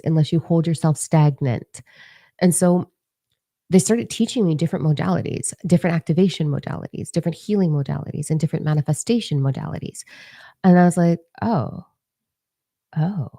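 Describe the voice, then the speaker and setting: A woman in her forties, a spiritual teacher talking casually and candidly to her followers, swearing freely and breaking into animated asides. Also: on the low side, normal speed, creaky, no room sound, clean studio sound. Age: 40s.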